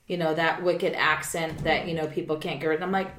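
Middle-aged female podcast co-host, casual and animated, slightly low voice, echoey room. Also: brisk, hardly any pauses. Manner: animated, swings up loud when mimicking people. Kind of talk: casual chat.

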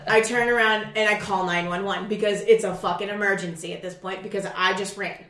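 A woman telling a story in a casual chat, profane and animated, acting out her own shouting. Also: medium pitch, a little fast. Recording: roomy echo.

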